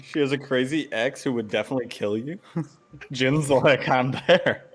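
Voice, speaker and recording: A man's voice: medium pitch, moderate pace. A man playing a tabletop game in casual chat, joking and laughing often. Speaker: player.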